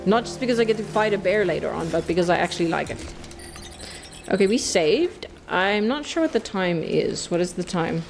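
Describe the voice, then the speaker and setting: A woman's voice: fairly low pitch, expressive, fairly quick, vocal fry, faint music behind. Playful swearing woman streamer. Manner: chatty, playful, swears freely and laughs often. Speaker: game streamer. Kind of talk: casual live-stream chat while playing.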